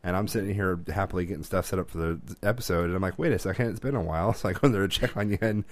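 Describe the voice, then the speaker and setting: Fast-talking deep-voiced man chatting. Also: no room sound. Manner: rambling storyteller, many restarts and laughs. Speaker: podcast co-host. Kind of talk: casual chat.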